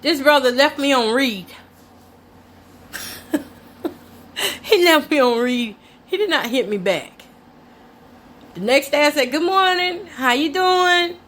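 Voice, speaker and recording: A woman with a notably high voice, middle-aged and talking straight into the camera. She tells her story candidly and casually, breaking into laughs and turning to her viewers like old friends. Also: slow pace, long pauses. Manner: candid, chatty, addresses viewers directly; lively, laughs between lines. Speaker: host.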